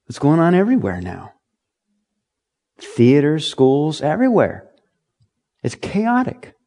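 Man, middle-aged, pastor, lively sermon, storytelling delivery. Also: mid-range voice. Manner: animated preaching, acts out voices in quotes.

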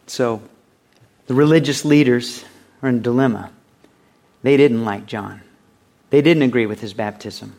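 Male pastor, mid pitch, relaxed conversational sermon delivery. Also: unhurried, creaky, pauses often. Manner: conversational, acts out quoted voices; reads scripture aloud.

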